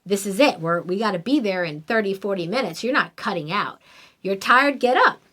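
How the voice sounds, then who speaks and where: A middle-aged woman hosting a podcast, telling a story in an animated, emphatic, conversational way. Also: medium pitch, moderate pace. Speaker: podcast host. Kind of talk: casual storytelling monologue.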